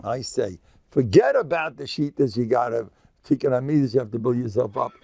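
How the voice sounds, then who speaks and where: Older rabbi guy, gravelly, dry close sound, jokes around bragging. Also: mid-range voice, lively intonation, brisk, dark tone, no room sound. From United States. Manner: joking, boastful, self-mocking, with frequent laughs. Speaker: rabbi giving a class. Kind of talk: informal Torah lecture.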